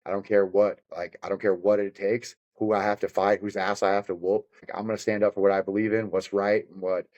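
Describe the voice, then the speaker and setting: A fired-up man on a podcast, rambling and cursing his way through his points. His voice sits on the low side. He talks in an easy, conversational way. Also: flat delivery, a little fast, darkish tone, highs cut off. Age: adult with children. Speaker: podcast guest, bare-knuckle fighter.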